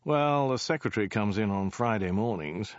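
A man's voice: lowish voice, animated, normal speed, dry recording, dull audio, lightly acted. A man voicing a self-absorbed male warlord king who rambles through vague excuses with mild hesitations, in a storybook reading. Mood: dithering.

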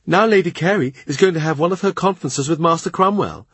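A man voicing an excitable, gossipy young lady-in-waiting in an audiobook, high and gushing. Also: normal speed, breathy edge, dry recording, heavily acted.

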